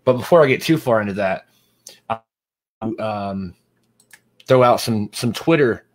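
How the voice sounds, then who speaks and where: A man's voice: lowish voice, expressive, a little slow. A man co-hosting a podcast, chatting casually and rambling with lots of fillers and restarts. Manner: rambling, hesitant with many fillers. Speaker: podcast co-host. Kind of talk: casual chat.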